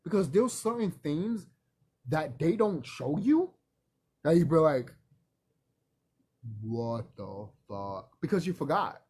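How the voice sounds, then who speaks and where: A man vlogging in a rambling, profane casual monologue, animated and laughing often. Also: on the high side, unhurried, breathy edge.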